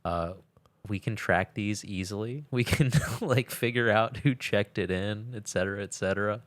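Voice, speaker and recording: A man's voice: fairly low pitch, moderate pace, a bit bright, no echo. A young man co-hosting a podcast, telling stories in a rambling casual way with laughs. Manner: rambling, laughs between lines. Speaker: podcast co-host. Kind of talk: casual chat.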